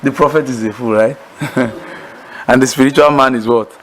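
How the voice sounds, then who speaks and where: A man preaching to a Bible study class, telling stories in an animated way, acting out laughter and asking the audience leading questions. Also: medium pitch, normal speed, rough recording. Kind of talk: sermon-style teaching to a congregation.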